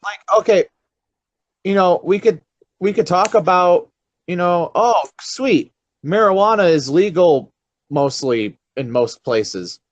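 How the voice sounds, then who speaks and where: A man co-hosting a podcast chats casually and haltingly. He packs his speech with fillers and curses now and then. His voice is slightly high. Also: no echo, rough recording. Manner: halting, full of fillers, swears. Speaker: podcast co-host. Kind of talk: casual chat.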